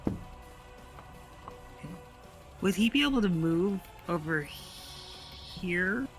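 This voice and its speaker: A man's voice: high-pitched, expressive, takes it slowly, a bit bright, soft background music. Joking man playing a tabletop game. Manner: laughing, joking, blunt. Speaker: player. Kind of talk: casual tabletop game chat.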